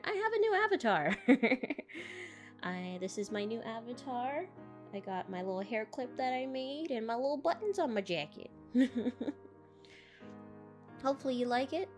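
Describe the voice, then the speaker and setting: A woman's voice: on the high side, a little mellow. A woman playing through a story game, chatting casually and reading its text aloud with frequent giggles. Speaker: gaming YouTuber. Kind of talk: game playthrough with read-aloud narration.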